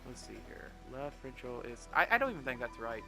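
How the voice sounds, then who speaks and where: A man's voice: mid-range voice, big pitch swings, brisk, music in the background. A young man commentating on a video game he is playing, rambling and joking, now and then slipping into mock voices. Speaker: gaming commentator. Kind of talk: let's play commentary.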